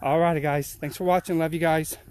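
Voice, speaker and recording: Male pastor, high-pitched, earnest repeating cadence, a bit winded on an outdoor walk. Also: steady tone, a little fast, a little mellow. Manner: earnest, repetitive preaching cadence. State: slightly out of breath from walking uphill. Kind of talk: outdoor livestream devotion. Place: outdoors on a rural hill.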